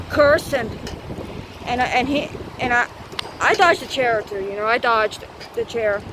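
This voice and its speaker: High-voiced woman rambling over traffic. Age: 30s. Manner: rambling, profane, repetitive. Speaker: vlogger. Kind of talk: storytime vlog. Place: outdoors, riding a bike.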